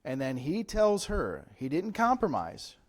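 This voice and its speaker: A man with a fairly high voice speaks unhurriedly, his pitch swooping wildly. He's a pastor preaching in a church, delivering a Bible study sermon in a conversational way and often checking in with rhetorical questions.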